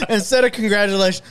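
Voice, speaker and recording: A man's voice: high-pitched, fairly bright tone. A man co-hosting a rowdy casual podcast chat, laughing, swearing and announcing segments. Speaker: podcast co-host.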